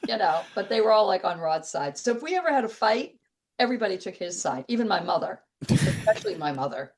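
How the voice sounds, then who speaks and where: A middle-aged woman comedian telling stories as an interview guest, lively and wisecracking, laughing easily as she talks. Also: medium pitch, quick pace. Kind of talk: casual storytelling interview.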